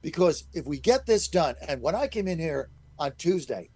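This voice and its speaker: A man's voice: a little high, sing-song, moderate pace, darkish tone, breathy edge, dry recording. A middle-aged man, a state legislator guest on a talk radio show, speaking in an emphatic, combative way. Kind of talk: call-in talk radio interview.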